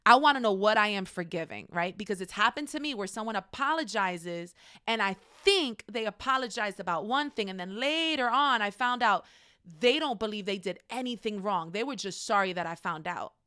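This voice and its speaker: A woman leads a faith-based class, speaking frankly and talking straight to her listeners. Her voice sits at a middle pitch. The sound is dry and close. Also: animated, normal speed, pushed and bright, clean tone, dry recording. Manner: conversational, frank, addresses listeners directly; acts out quoted voices. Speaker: class teacher. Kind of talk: faith-based teaching talk.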